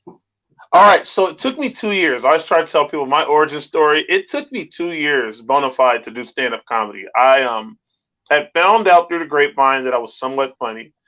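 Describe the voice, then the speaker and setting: Animated comedian, higher voice. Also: male voice, lo-fi sound. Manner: animated, drawn-out storyteller. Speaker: stand-up comedian. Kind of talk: casual storytelling chat.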